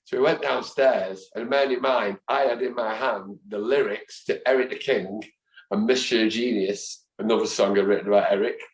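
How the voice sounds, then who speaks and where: A middle-aged man tells his stories in a lively, chatty way. His voice sits on the low side. The room gives the recording a noticeable echo. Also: moderate pace. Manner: lively, chatty, animated anecdotes. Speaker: guest, football fan and chant songwriter. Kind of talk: anecdotal storytelling in conversation. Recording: roomy echo.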